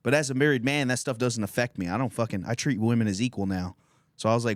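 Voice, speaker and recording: A man in his thirties rambles through a crude comic story, swearing freely and breaking into laughter mid-sentence. His voice sits at an ordinary middle pitch, recorded dry and close on a podcast mic. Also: fast talker, no echo. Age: 30s. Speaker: podcast host.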